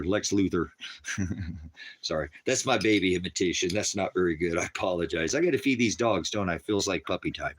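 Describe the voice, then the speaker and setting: A man's voice: low voice, brisk, breathy edge. A man hosting a rambling casual livestream, joking crudely and talking baby talk to his dogs at home. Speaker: livestream host.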